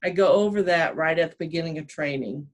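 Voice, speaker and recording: A woman with a notably low voice joins a video call as a guest trainer. She pauses often, searching for her words and filling the gaps with ums. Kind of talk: casual video-call interview.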